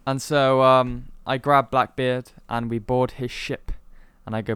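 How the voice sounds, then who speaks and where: A man's voice: mid-range voice, level tone, a little slow, a bit bright, clear, resonant tone, no room sound. Brief: young male co-host from Cornwall, rambling storyteller, clean dry voice. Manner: rambling storyteller with many ums. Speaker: podcast co-host. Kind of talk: casual chat, telling a made-up story.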